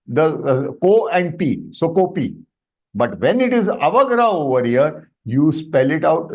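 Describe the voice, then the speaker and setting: Indian guy teaching sanskrit over a video call, bit high voice, very up and down, keeps asking am i clear. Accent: Indian English. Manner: explains with questions to students, mixes Hindi into English. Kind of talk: online workshop lesson.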